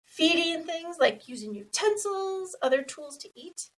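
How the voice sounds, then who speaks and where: High-voiced woman explaining, a little off-mic. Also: unhurried, recorded from a distance, crowd noise, rough recording. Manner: steady, explanatory, listing examples. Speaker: podcast co-host, occupational therapist. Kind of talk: casual podcast chat, explaining.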